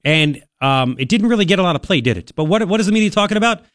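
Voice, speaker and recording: A man hosting a talk radio show in a studio, delivering an opinionated monologue in a sarcastic, mocking, animated way. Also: sits high, very fast, dry recording. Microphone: studio microphone.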